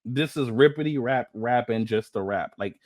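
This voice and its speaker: A man co-hosting a casual chat, animated and laughing often as he talks about rap craft. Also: mid-range voice, normal speed, dry recording, studio quality. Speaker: co-host reacting to a song.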